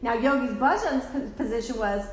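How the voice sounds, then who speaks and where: A woman's voice: on the high side, moderate pace, a little hiss or hum. A woman giving a casual spiritual talk to a class, candid and chatty, swearing and laughing often. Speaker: spiritual teacher. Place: temple room. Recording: roomy echo.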